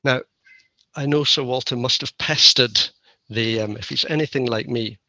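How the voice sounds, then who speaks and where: Gravelly guy with a sharp bright voice, wry self-deprecating keynote talk, dull muffled dry sound. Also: medium pitch, moderate pace, no echo. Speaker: keynote speaker. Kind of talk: conference lecture.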